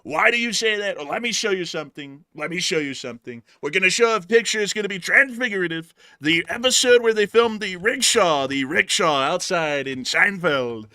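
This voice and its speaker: A man's voice: sits high, expressive, a little fast, hardly any pauses, bright, forceful tone, no room sound, clean studio sound. A man hosting a casual comedy chat, rambling and joking. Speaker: host.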